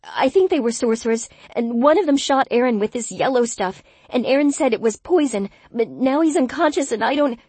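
A frantic young woman on the edge of tears, as a woman narrator puts her on, her husky voice quavering as the words spill out too fast. The audiobook recording is close and completely dry. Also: fairly high pitch, steady tone, mellow, no room sound, pitched above the performer's own voice. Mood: panicked. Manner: breathless, blurting, quavering.

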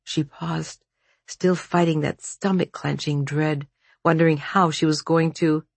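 An audiobook narrator reading a dark fantasy novel in measured, even storytelling. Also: medium pitch, gravelly, breathy edge, dry recording. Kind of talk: scripted narration.

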